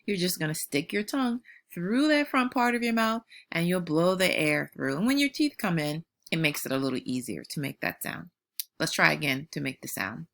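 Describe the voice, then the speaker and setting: A woman teacher giving a phonics lesson to young children at home, modeling sounds slowly and praising them patiently. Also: lowish voice, lively intonation, creaky, a bit bright.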